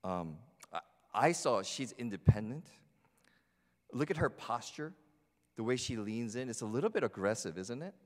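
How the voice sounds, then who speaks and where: A man's voice: medium pitch, expressive, normal speed. Chatty preacher man in a reverberant sanctuary. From New Jersey. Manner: chatty, asks the congregation questions. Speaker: pastor. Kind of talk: conversational sermon. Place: church sanctuary. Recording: long hall reverb.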